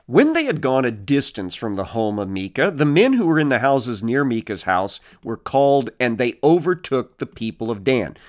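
A man leads a verse-by-verse Bible lesson, reading each passage and then explaining it in an easy, conversational way. His voice sits in an ordinary middle pitch, and he slips into animated voices when he retells what people in the story said. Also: normal speed, hardly any pauses. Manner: reads verses, then paraphrases casually with animated character voices. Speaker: Bible teacher. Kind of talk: expository Bible teaching.

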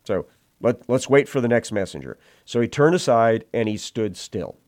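A man preaching an expository sermon, retelling the passage verse by verse in a measured, explanatory way. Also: mid-range voice, big pitch swings, a little mellow, no room sound, clean studio sound.

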